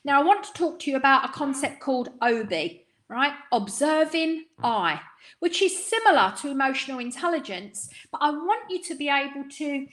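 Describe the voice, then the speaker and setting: Middle-aged London woman, salon business coach on a webinar; high, bright voice, chatty and filler-heavy. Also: lively intonation, normal speed. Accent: London, Cockney undertone. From East End of London. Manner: chatty, frequent ums and tag questions. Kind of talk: live webinar talk.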